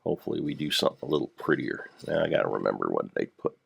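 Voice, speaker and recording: An older man with a gravelly voice, rambling through casual gameplay commentary with dry dad jokes. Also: a bass voice, big pitch swings, rapid-fire, highs cut off. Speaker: Minecraft let's player.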